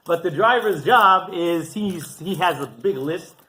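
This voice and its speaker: Animated man telling a sermon story. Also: high voice, a little slow. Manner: animated, chuckling, keeps asking "right?". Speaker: rabbi. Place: synagogue.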